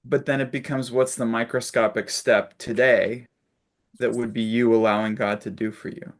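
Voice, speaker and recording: A man's voice: mid-range voice, flat delivery, moderate pace. A man facilitating a spiritual discussion on a video call, telling stories and acting out little quotes with laughs. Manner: warm storytelling with laughs and acted-out quotes.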